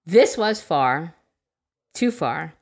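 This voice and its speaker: A woman podcast co-host reading a listener's story aloud in a casual, animated way, with crude humor and bursts of laughter. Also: deep voice, extremely slow, gravelly.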